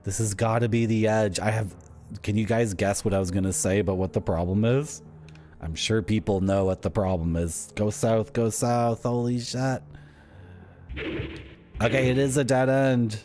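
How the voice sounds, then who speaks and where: A man's voice: lowish voice, fairly even intonation, normal speed, a little mellow. A man streaming a game, telling a rambling, wry story as he plays. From Southern Ontario, Canada. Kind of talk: casual gameplay commentary. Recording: faint music behind.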